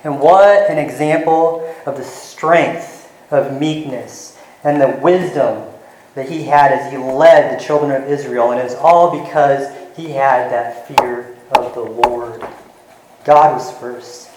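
A man's voice: medium pitch, slow, echoey room, poor audio. A man preaching a sermon in an earnest teaching manner, walking listeners through scripture. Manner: earnest, retells scenes with lively voices.

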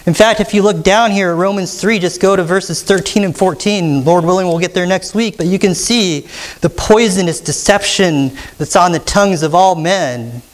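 Male pastor, high voice, emphatic teaching sermon, quizzes the congregation. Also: moderate pace. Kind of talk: expository sermon.

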